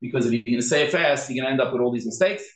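A man giving an informal class, earnestly repeating words slowly to show the right way to say them. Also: mid-range voice, a bit bright. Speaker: teacher of prayer pronunciation. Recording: echoey room.

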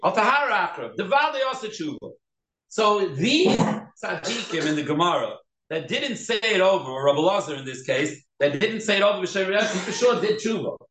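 A man teaching a Talmud class, animated and quick, with many restarts. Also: high voice. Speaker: Torah teacher. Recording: echoey room.

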